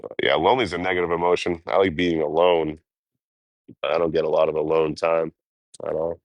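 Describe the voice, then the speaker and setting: A man's voice: extremely low pitch, level tone, brisk, dry recording, dull audio. A man chatting casually with his livestream viewers, rambling and swearing as he talks about life on the road. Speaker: livestreaming traveler.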